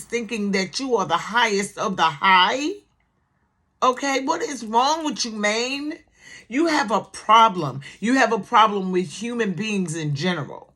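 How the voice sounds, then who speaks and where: A woman giving casual news commentary on her channel, chatty and indignant, her voice climbing high when she gets upset. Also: a bit bright.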